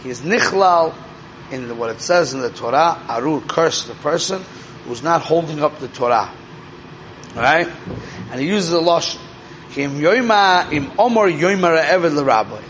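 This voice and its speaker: A man with a slightly high voice teaches a Torah class in an animated way. He keeps asking his listeners whether they follow, and he drops Hebrew and Yiddish terms into his English. Faint background noise sits under the recording. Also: measured pace. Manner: animated, with frequent rhetorical check-ins.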